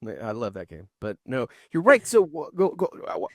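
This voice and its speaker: A man hosting a casual talk show, animated, swearing and stumbling over his words. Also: mid-range voice, fairly quick, no echo, clean studio sound. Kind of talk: casual chat.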